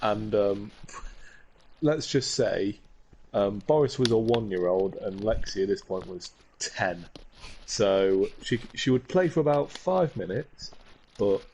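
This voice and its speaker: A young man, co-hosting a casual podcast chat in a relaxed, hesitant way with many pauses. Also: lowish voice, a little hiss or hum, poor audio. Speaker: podcast co-host.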